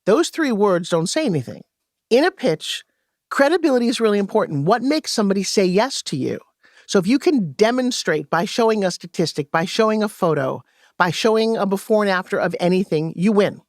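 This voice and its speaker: A woman guest and sales coach, telling stories in an animated way and acting out quoted dialogue in a podcast interview. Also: mid-range voice, brisk, no echo, clean studio sound.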